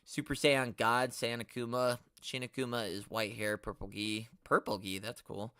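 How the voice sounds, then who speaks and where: A man's voice: medium pitch, flat delivery, normal speed, sharp tone, clean tone, no echo, clean studio sound. A young man hosting a casual live stream, rambling in slangy talk and getting exasperated as he reads and answers chat. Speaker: host of a toy collecting live stream.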